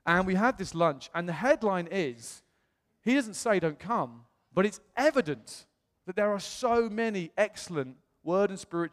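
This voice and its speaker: A British man preaches in a big reverberant hall, his voice sitting a little high for a man. He tells a personal story with lots of energy and jumps into quoted voices, with the sound trailing off in a long echo. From England. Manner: animated, acts out quoted voices. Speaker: pastor. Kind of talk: storytelling sermon.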